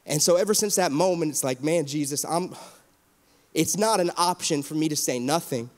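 Man, 30s, pastor; earnest and emotional, slightly high voice, long hall reverb. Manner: earnest and emotional, with halting restarts. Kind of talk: heartfelt panel discussion.

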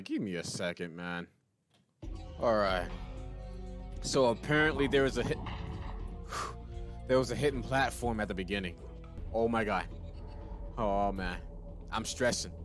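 A man giving let's play commentary, excitable and talking to himself as he plays. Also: fairly low pitch. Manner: excitable, talks to himself while playing. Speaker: gaming channel host.

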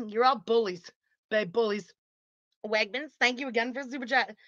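Reading super chats aloud during a relaxed livestream, this Quebec-born host speaks at a normal speed in a fairly high, fairly bright voice. The muffled built-in computer mic picks up no echo, and she swears freely, laughs frequently and teases the people watching.

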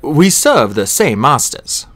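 A man voicing a tall, elegant older Italian schemer in an audiobook, speaking softly and mildly in a measured way. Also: mid-range voice, big pitch swings, pitched above the performer's own voice, full character voice. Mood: smooth. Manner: soft, mild, measured.

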